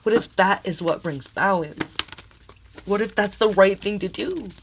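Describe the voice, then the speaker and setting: A woman's voice: medium pitch, a little slow, gravelly, noisy background. Emotional young woman tarot reader. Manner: emotional, exclamatory, laughing through tears. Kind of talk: casual tarot reading.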